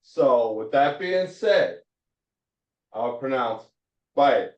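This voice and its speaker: A man teaching a slow Hebrew phonics lesson, sounding out syllables one at a time with many fillers. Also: medium pitch, expressive. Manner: drawn-out, halting delivery with frequent fillers. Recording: echoey, dull room sound from a distance.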